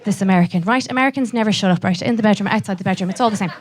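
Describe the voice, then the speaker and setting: A young Irish woman doing a live stand-up set, brash and profane, throwing quick asides to the audience. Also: medium pitch. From Ireland. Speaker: stand-up comedian.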